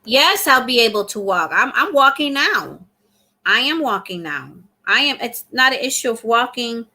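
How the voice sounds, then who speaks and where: Middle-aged lady chatting on her livestream, bright clear voice, reads out comments n thanks ppl. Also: on the high side, very animated, normal speed. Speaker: livestream host. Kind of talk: casual live chat.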